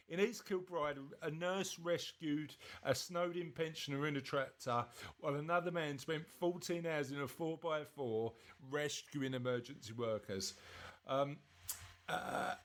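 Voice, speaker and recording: A man from southeast England co-hosting a podcast, chatting casually and reading news aloud in a jokey way that stumbles over words. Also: fairly high pitch. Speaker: podcast co-host.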